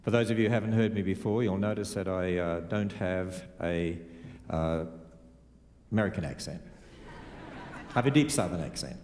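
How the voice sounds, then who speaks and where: Aussie guy giving a talk at church, fairly low voice, long echo off the hall. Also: moderate pace, pauses often, darkish tone, a little hiss or hum. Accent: Australian. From Australia. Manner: earnest, emphatic with rhetorical questions. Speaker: ministry leader. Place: large church. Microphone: live church recording. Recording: live in a reverberant church hall.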